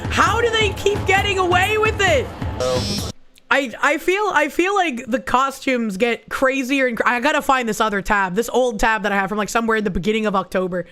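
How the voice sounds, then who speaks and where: A woman's voice: fairly high pitch, a little fast, bright, forceful tone, faint music behind. A young woman streamer giving casual, sarcastic commentary on a video, swearing and rambling as she goes.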